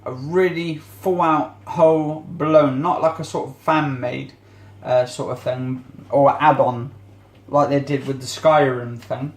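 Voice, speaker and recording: A man's voice: medium pitch, steady tone, unhurried, echoey room. Rambling man vlogging in his kitchen. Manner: rambling, searches for words, chatty. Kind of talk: casual rambling monologue while cleaning. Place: home kitchen, indoors.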